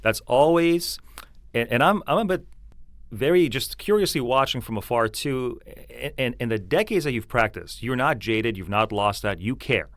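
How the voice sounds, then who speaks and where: A man hosting a podcast in casual conversation, talking haltingly and often repeating words as he earnestly praises his colleague. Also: medium pitch, dry recording. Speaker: podcast host, law firm associate.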